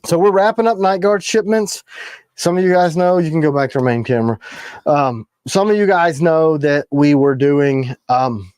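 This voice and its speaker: A man hosts a relaxed knife livestream, rambling from one thought to the next and cracking jokes as he goes. His voice sits a little high for a man, and the sound is dry and close, with no room echo. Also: moderate pace, clear, resonant tone. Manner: rambling, jokey, trails off mid-sentence. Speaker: knife maker and livestream host. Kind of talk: casual livestream chat.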